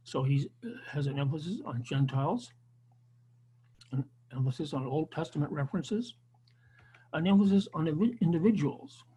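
A man's voice: fairly high pitch, animated, normal speed, pauses often, dark tone, husky, rough recording. A man teaching an online Bible class, lecturing unscripted with frequent restarts and fillers over a video call.

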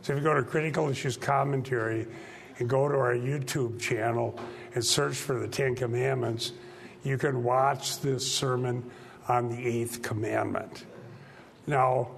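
A gravelly-voiced male pastor speaks quietly to his church class. He talks in short, halting phrases and keeps his volume low. A faint hiss of noise sits under his voice. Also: fairly even intonation. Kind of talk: informal church teaching talk. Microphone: microphone.

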